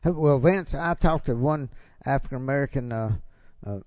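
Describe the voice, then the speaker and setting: A man's voice: medium pitch, moderate pace, darkish tone, dry recording, clean studio sound. An older man hosting a talk show, telling a rambling story and stopping to restart himself often. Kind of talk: political talk show conversation.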